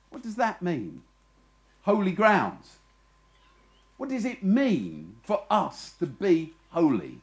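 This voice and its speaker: A man preaching at a festival, telling a story and acting out the shouted lines. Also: high-pitched, slow pace, pauses often. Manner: lively storyteller, acts out shouted voices. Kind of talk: sermon with storytelling. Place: festival stage.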